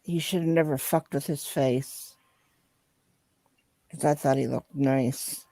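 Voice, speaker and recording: A woman's voice: very deep voice, fairly even intonation, slow, mellow, no echo. A woman chatting casually, gossipy and giggly. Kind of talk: casual chat.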